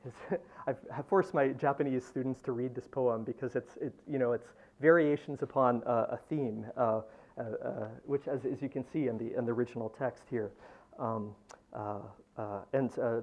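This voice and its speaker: A man giving a university talk and poetry reading, halting with frequent ums and restarts, getting louder and livelier as he reads. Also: medium pitch. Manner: lively, swells in volume when reading poem lines. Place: lecture room.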